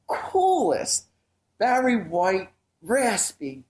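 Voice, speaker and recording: A man's voice: sits high, normal speed, darkish tone. Joking rambling man on talk radio, roomy sound. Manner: joking and rambling, laughs often. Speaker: radio show co-host. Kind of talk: casual radio chat.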